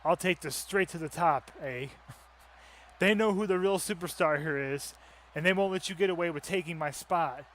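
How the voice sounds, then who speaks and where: A man playing a cocky young wrestler taunting loudly. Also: fairly high pitch, moderate pace, close to an everyday voice. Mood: arrogant. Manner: boastful, loud taunting promo read. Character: cocky young male wrestler, arrogant upstart.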